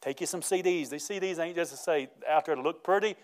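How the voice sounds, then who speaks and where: A man delivers a sermon in a folksy, animated way. His voice sits a bit high for a man, and he breaks into laughter between his points. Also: quick pace. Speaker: pastor.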